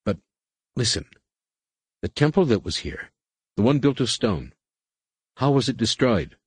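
A man's voice: mid-range voice, very animated, unhurried, husky, no echo, pitched above the performer's own voice. A man voicing a stubborn, eager young male Jedi in an audiobook, speaking with insistent questions.

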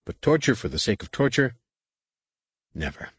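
A man voicing a firm, serious young male Jedi leader, speaking in a clipped, sharp way close to his own lowish voice. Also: sing-song, normal speed, husky, no echo, exaggerated voice. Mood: stern.

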